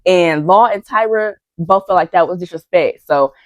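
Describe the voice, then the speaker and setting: A woman's voice: on the low side, normal speed, no echo, muffled recording. Gossipy woman recapping a reality show. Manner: chatty and gossipy, addresses viewers as y'all, acts out quotes. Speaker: recap vlogger.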